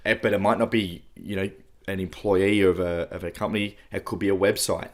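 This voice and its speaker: A man co-hosting a podcast, explaining things in a steady, casual way with frequent fillers. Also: deep voice, a little fast. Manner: explanatory, steady, uses fillers like "you know". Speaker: podcast co-host. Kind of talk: casual chat.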